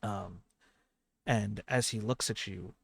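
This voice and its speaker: A man narrating a tabletop game in a low, gravelly voice. He talks slowly and haltingly, with many fillers. The sound is dry and close. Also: no echo. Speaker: game master.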